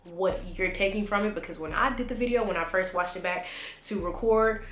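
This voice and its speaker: A woman's voice: mid-range voice, fairly quick, a bit bright. Congested young woman chatting, echoey room. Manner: chatty, rambling, many fillers. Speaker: vlogger. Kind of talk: casual talk to camera. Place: home room.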